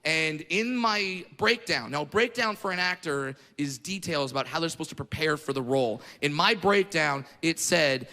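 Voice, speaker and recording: A high-voiced male comedian performs a stand-up routine, loud and profane, often breaking into shouted rants. His voice rings through a long hall reverb, with audience noise clearly heard behind him. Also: lively intonation, moderate pace, few pauses. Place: comedy stage with a live audience. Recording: echoey hall with crowd noise.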